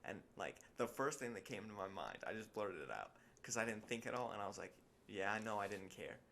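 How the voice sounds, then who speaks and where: A man's voice: lowish voice, big pitch swings, fairly quick, gravelly, a bit bright, a little hiss or hum. A young man co-hosting a podcast in casual chat, telling stories with animation and acting out quotes with big jumps in his voice. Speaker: podcast co-host.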